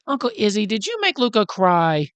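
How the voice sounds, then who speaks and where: A man doing a squeaky, excited little girl. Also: moderate pace, clear, resonant tone, dry recording, heavily acted. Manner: high squeaky voice. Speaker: game master. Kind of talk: voicing a character in a tabletop game.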